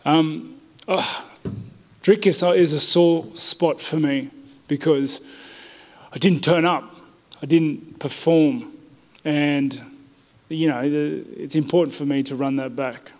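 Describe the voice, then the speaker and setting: Aussie fighter at media day: relaxed, blunt, slightly high-pitched, reverberant room. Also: male voice, takes it slowly. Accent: Australian. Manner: blunt, laid-back, says mate often. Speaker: fighter interviewed by press. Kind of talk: casual press interview. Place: media day press area indoors.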